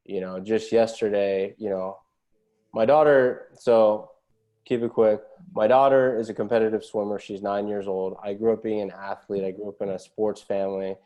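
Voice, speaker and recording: A man's voice: lowish voice, steady tone, moderate pace, dark tone. A man, a podcast guest, telling a story in an earnest, motivational way and ending many phrases with a questioning "right?". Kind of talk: casual storytelling.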